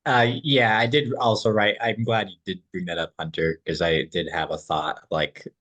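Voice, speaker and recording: A man's voice: low voice, little pitch movement, moderate pace, a bit bright, dry recording. A man co-hosting a podcast, chatting casually and laughing as he talks. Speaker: podcast co-host. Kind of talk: casual review chat.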